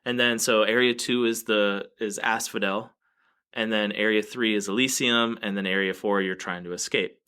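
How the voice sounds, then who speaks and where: A man's voice: lowish voice, steady tone, moderate pace, bright, forceful tone, clean tone. A man co-hosting a casual game review podcast, explaining at length with fillers and restarts. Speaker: podcast co-host.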